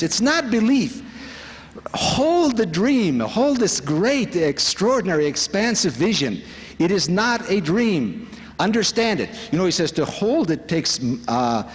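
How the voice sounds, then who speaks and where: A man gives a spiritual talk in a large conference hall, his fairly high voice swinging widely as he builds to fervent, exclamatory questions. A long reverb trails every phrase and carries it across the room. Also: fairly bright tone. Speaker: speaker at a spiritual retreat.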